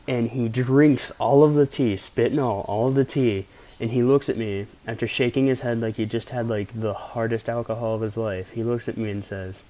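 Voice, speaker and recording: A man's voice: medium pitch, fairly even intonation, moderate pace, few pauses, dark tone. A young man from Pennsylvania casually telling rambling, profane stories as a vlogger. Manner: rambling, profane, laid-back anecdotes. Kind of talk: casual storytelling.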